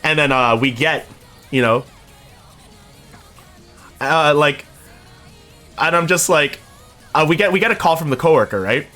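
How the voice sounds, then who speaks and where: A man's voice: a little high, lively intonation, measured pace, pauses often, pushed and bright, soft background music. A young man streaming, telling a long story in a casual, rambling way, swearing freely and laughing as he goes.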